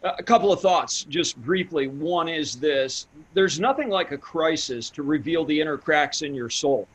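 A man's voice: a little high, moderate pace, husky. A man, a pastor and author speaking as an interview guest in an emphatic, sermon-like storytelling manner. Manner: emphatic, storytelling, builds to shouts when retelling. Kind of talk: conversational interview, preaching tone.

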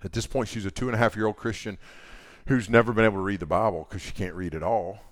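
A middle-aged male camp speaker with a lowish voice tells a story to a young crowd, acting out each exchange. He swings from loud bursts to hushed lines. The sound is dry and close. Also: fairly even intonation, fast, no room sound. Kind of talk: youth camp sermon storytelling.

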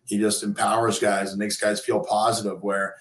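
Low-voiced guy in his 50s telling old stories, lots of uh and kinda, roomy echo. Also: flat delivery, normal speed. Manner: rambling, many fillers and restarts. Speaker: interview guest, former pro hockey player turned coach. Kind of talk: casual storytelling. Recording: echoey room.

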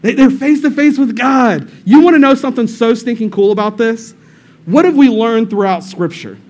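A male pastor with a fairly high voice who gives a casual, storytelling sermon in a church. He preaches in an animated, joking way and often repeats his phrases. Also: moderate pace. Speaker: lead pastor. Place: church service room.

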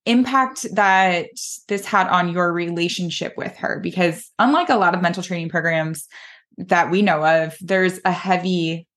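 A woman's voice: on the low side, moderate pace, fairly bright tone. A woman hosting a podcast interview as a mental performance coach, encouraging and enthusiastic as she affirms her guest.

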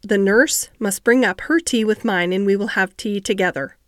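A woman reading the part of a sickly, imperious ten-year-old boy in a soft, commanding voice. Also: mid-range voice, normal speed, no echo, clean studio sound, natural voice.

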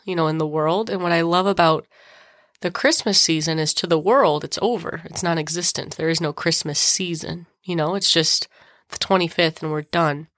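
A woman hosting a faith podcast, talking in a chatty, relaxed way with lots of "like". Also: lowish voice, dry recording, clean studio sound. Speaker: podcast host. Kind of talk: casual faith podcast conversation.

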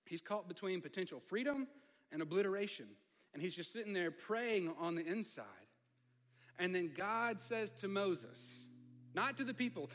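A man's voice: high voice, normal speed, a bit bright, in a large hall. A man preaching a sermon as pastor, talking conversationally and building to emphatic fervor.

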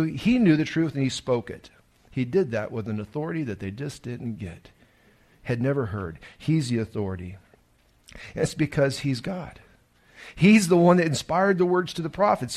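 A male pastor, preaching a sermon earnestly and emphatically, with restarts and rhetorical questions. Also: fairly high pitch.

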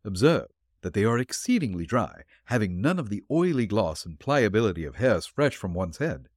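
A man reading the part of a calm, shrewd male detective who explains his clues dryly. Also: lowish voice, no room sound. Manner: dry, explanatory, deliberate.

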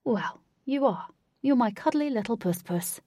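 A woman's voice: a little high, expressive, measured pace, warm tone, pitched above the performer's own voice. A woman voicing a teasing young man who jokes with his friends in a storybook reading. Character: teasing young male leader with a pet cat.

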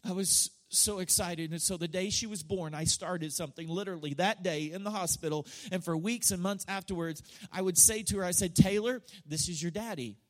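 A middle-aged man preaching a sermon, telling a story with emotion and swinging from loud passages to hushed ones. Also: high-pitched, fairly even intonation, a little fast, few pauses. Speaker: pastor.

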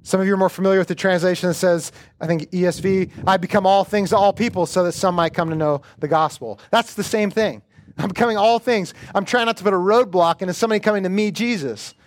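A man's voice: high voice, fast. A middle-aged male pastor preaching and praying in an earnest, conversational way. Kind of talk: sermon with prayer.

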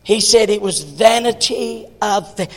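A man with a strikingly high, piercing voice preaches with fire, his words ringing out in the long echo of a big church hall. He swings from shouting to near-hushed delivery. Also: unhurried. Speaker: pastor. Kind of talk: sermon.

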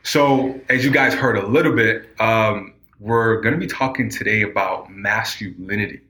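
A man from Africa hosting a podcast, talking in an animated, sing-song way as he welcomes people. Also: lowish voice, moderate pace, husky. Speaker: podcast host. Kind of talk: casual podcast chat.

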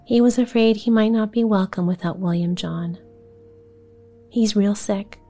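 A woman's voice: medium pitch, unhurried, dark tone, soft background music. A woman voicing a kind, earnest poor boy who talks cheerily and reassuringly, in a bedtime story.

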